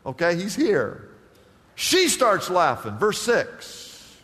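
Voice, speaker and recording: A man preaching a sermon as pastor, animated, acting out the scripture scenes he retells. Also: high-pitched, takes it slowly. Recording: long hall reverb.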